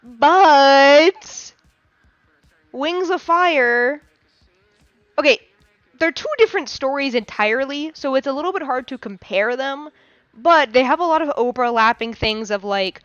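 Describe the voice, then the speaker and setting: A twenty-year-old woman hosting a live chat, with a high voice and a playful, theatrical way of talking. She laughs often and slips into mock outrage. The sound is dry and a little dull. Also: lively intonation, a little slow, a bit bright, no echo. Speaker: podcast host. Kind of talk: casual live-stream chat.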